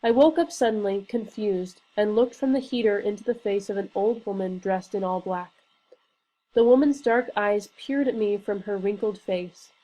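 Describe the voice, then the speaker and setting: Woman, audiobook narration, earnest and steady, warm mellow tone. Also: mid-range voice, normal speed, rough recording. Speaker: reader.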